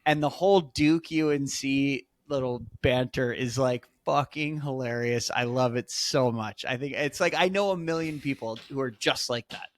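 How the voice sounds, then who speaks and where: A man co-hosting a podcast in casual chat, excited, with stammering restarts and swearing. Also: mid-range voice, normal speed, hardly any pauses, no room sound. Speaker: podcast co-host.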